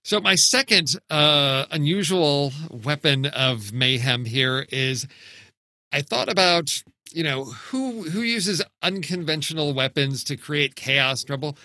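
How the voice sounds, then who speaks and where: A man's voice: on the high side, lively intonation, takes it slowly, bright, forceful tone, no echo. A man co-hosting a casual movie podcast, chatty and affirming, with many hesitant fillers. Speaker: podcast co-host.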